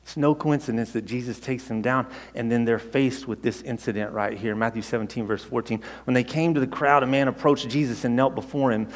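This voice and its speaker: Pastor, male, mid-pitch. Conversational storyteller, restarts often, long hall echo. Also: fairly even intonation, brisk, hardly any pauses. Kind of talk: sermon. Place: church sanctuary.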